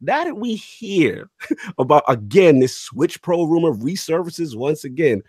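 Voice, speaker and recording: A man's voice: on the high side, unhurried, breathy edge, no echo, studio quality. A man hosting a gaming podcast, quizzing his co-hosts in casual chat. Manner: lively, quizzing guests, frequent mm-hmm. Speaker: podcast host.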